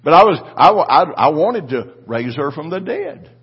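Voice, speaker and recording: A man's voice: a little high, sing-song, moderate pace, husky, lo-fi sound. A man preaching a sermon, telling a personal story with fervent, repetitive delivery and calls for the congregation to respond. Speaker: pastor.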